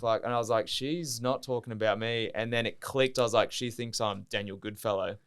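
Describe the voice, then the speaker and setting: A young man with an Australian accent chatting loosely on a podcast. His voice is smooth and clear, at an ordinary pitch, and he piles on "like" and swear words as he tells a story. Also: quick pace, few pauses. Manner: rambling, heavy use of "like", swears freely. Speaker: podcast guest, diver. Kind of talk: casual storytelling chat.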